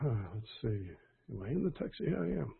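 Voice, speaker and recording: Older male pastor, husky and gravelly, rambling chat over a dry phone line. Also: medium pitch, very animated, moderate pace, dry recording. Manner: rambling, chatty, with many fillers and restarts. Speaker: pastor leading an online prayer call. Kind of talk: casual reading and comment on praise reports.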